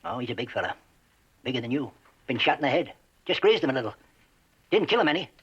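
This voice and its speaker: Backwoods man, folksy and giggly, husky, up-and-down voice, muffled old TV sound. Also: medium pitch, very animated, fast, a bit bright, exaggerated voice. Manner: rustic grammar, chuckles, stammers. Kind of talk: 1960s TV western acting.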